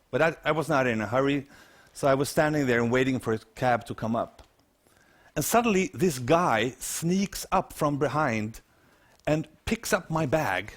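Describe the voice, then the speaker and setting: Swedish man telling a story on stage. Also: mid-range voice. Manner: lively anecdotal storytelling with acted quotes. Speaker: keynote speaker. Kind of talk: storytelling talk to an audience.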